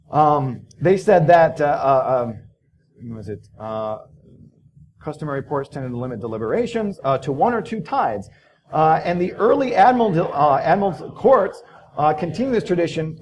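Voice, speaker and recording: This conference speaker has a voice on the high side that's a little mellow. Speaking in a conference hall, he gives a casual talk, telling stories in a loose, profane manner with many fillers.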